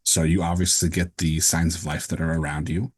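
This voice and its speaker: Deep husky game master. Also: male voice, level tone, brisk. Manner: explains rules and describes scenes with many fillers. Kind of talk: running a tabletop game.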